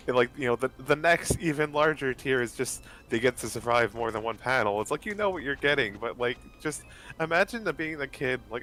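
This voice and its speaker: A man's voice: medium pitch, moderate pace, fairly bright tone, slight background noise. A man chatting casually while playing a game, rambling with many fillers and restarts. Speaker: let's play co-host. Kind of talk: casual gameplay chat.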